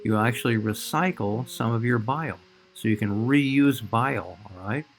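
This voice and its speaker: A man's voice: mid-range voice, normal speed. A man teaching a recorded biology lecture, explaining slides and speaking directly to his students.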